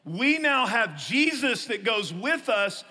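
A middle-aged pastor preaches, telling stories and joking, swinging between loud bursts and hushed asides. His voice sits high and sounds bright and forceful. A long echo of a large hall trails behind him. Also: very animated, takes it slowly. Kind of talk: sermon.

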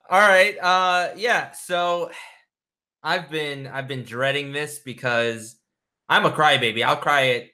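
Slow, bright-voiced man chatting. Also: on the high side. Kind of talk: casual chat.

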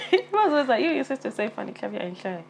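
A tired young woman co-hosting a podcast with her sister, giggly and quick to chime in. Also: high-pitched, big pitch swings, gravelly, husky. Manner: quick, giggly, chiming in often. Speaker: podcast co-host. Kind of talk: casual chat.

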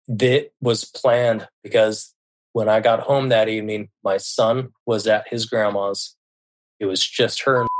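A middle-aged man telling a personal story in casual speech, stopping often to restart and correct himself. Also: fairly low pitch. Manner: halting, with frequent restarts and self-corrections.

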